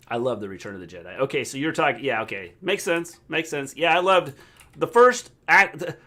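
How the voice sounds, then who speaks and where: A man's voice: on the high side, sharp tone. A middle-aged man co-hosting a casual wrestling livestream, dry and teasing, with playful jokes. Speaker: co-host.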